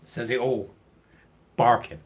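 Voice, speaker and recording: A man's voice: mid-range voice, steady tone, slow pace, heavy background noise. A man, reading out a news article and mocking it sarcastically, laughing often at his own jokes. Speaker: commentary channel host.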